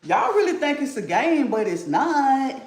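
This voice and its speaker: A man's voice: very high voice, very animated, measured pace, slight background noise. A man hosting a casual cooking livestream, talking playfully and teasing his chat while he cooks. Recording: echoey room.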